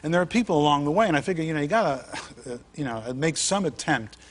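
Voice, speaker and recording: A man's voice: fairly high pitch, expressive, quick pace. A man who is a comedian and actor, a guest on a late-night talk show, telling a comic anecdote and mimicking other people's voices. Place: TV studio with a live audience. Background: studio audience.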